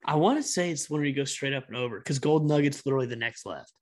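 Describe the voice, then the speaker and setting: A man's voice: medium pitch, quick pace. Male co-host, rambling and hesitant, mid-range voice. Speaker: podcast co-host. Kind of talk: casual chat.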